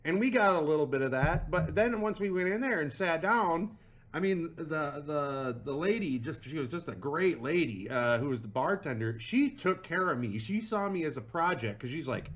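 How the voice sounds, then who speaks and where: A young adult man hosting a podcast, chatting in an animated, laughing, self-deprecating way. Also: a little high, moderate pace. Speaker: podcast host. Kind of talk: casual chat.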